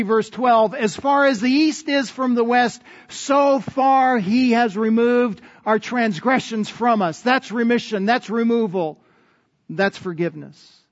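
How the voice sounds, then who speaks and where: A male pastor delivers an earnest sermon, pressing his points through repetition. His voice sits high and moves at a slow, deliberate pace. The recording is dull and lo-fi, and a long reverb hangs after each phrase.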